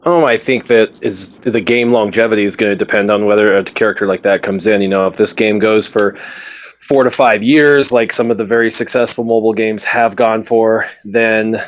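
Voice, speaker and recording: Man, panelist, low-ish voice, reflective, speculative. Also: fairly even intonation, normal speed. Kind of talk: gaming panel discussion.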